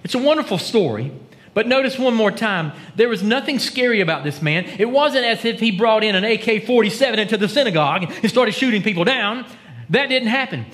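A man preaches in church in a bright, high voice that rises and falls freely. He talks to his congregation conversationally, asking them questions. He drops to a near whisper for dramatic quotes. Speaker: pastor. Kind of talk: sermon.

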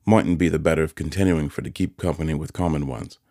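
A man voicing a kindly, simple-spoken village blacksmith in an audiobook, with earnest, gentle country speech. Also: rumbling low, fairly even intonation, fast, no room sound, clean studio sound. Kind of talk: audiobook character voice.

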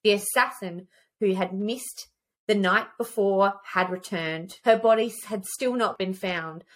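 A woman's voice: medium pitch, a little slow. A woman co-hosting a casual book podcast who reads quotes aloud with feeling and swears freely. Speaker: podcast co-host. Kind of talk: casual book chat with read-aloud passages.

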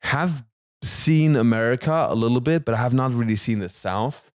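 A man, co-hosting a podcast, telling stories in a lively way with frequent restarts and laughs. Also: medium pitch, normal speed, no room sound, studio quality. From Germany. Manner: animated storyteller, stammers and restarts, laughs often. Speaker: podcast co-host. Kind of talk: casual chat.

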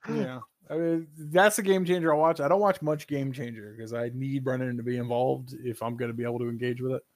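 A man co-hosting a gaming podcast in casual chat, animated and opinionated, swearing freely. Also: medium pitch, a little fast, no room sound, studio quality. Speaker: podcast co-host.

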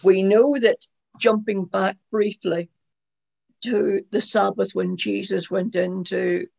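A woman co-hosting a casual Bible discussion, retelling scripture with animated energy and repeated words. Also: medium pitch, takes it slowly, creaky. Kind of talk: casual Bible study chat.

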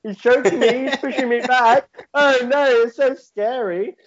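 A man's voice: extremely high pitch, unhurried, pitched above the performer's own voice. A man voicing a terrified crowd of villagers who squeal in overacted fear. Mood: panicked. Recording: dull lo-fi audio.

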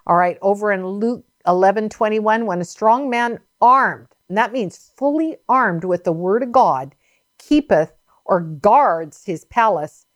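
A woman's voice: medium pitch, no echo, clean studio sound. A woman preaching a sermon, urging listeners with fervent repetition.

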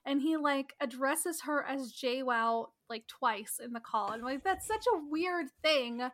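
A woman's voice: high-pitched, unhurried, fairly bright tone. A woman hosting a podcast, chatting casually and outspokenly with many "like"s. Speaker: podcast host. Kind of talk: casual chat.

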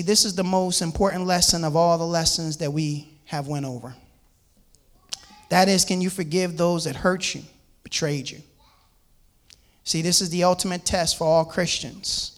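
A man preaching a sermon, reading scripture aloud and explaining it to his listeners. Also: a little high. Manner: reads scripture aloud and comments on it; repeats words and restarts, addresses listeners as "man".

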